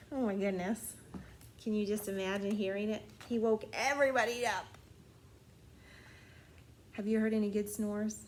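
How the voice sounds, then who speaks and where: A woman librarian reading a bedtime story aloud to children, playful and gentle, often sinking into soft hushed tones. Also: mid-range voice, fairly even intonation, normal speed, long pauses.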